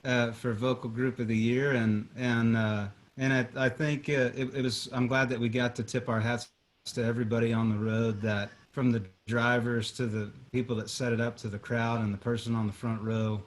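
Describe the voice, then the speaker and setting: A man's voice: medium pitch, little pitch movement, moderate pace. A man, a guest singer-songwriter, chatting casually over a video call, rambling with many restarts and fillers. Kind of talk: casual chat.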